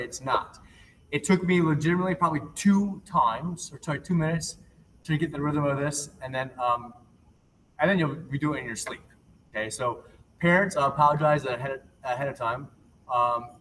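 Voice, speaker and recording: A man's voice: mid-range voice, fairly bright tone, distant mic, poor audio. Man, young adult, remote PE teacher, upbeat, reassuring, calls out rhythm steps, laptop mic set back, faint hiss. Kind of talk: remote lesson to young children.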